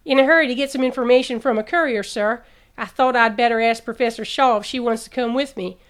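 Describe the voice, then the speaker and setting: A woman's voice: on the high side, fast talker, lightly acted. A woman voicing a hasty, eager young male army corporal.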